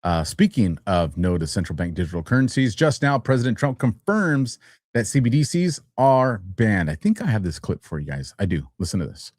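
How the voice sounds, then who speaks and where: A man's voice: on the low side, lively intonation, brisk, darkish tone, no echo, clean studio sound. A man hosting a livestream show, talking casually and animatedly, teasing his chat and laughing often. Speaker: host.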